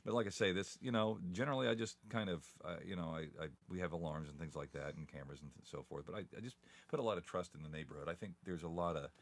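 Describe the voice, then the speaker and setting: A middle-aged man from Southern Ohio with a faint Appalachian accent and a deep, gravelly, slightly congested voice, chatting in a relaxed, rambling way as an interview guest. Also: quick pace. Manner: relaxed, rambling storyteller with chuckles. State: a bit congested. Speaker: guest, TV announcer. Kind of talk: casual interview chat.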